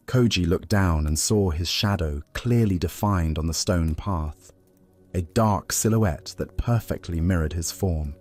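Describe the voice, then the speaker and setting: Very deep-voiced male sleep narrator. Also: no room sound. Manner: slow, soothing, even storytelling. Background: faint music.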